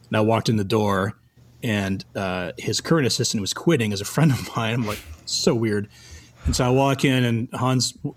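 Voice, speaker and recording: In a casual interview, a middle-aged man from Canada who composes for film recounts career stories, performing the quoted lines of those involved with plenty of animation. He has a fairly low voice, and there's a little hiss or hum on the recording.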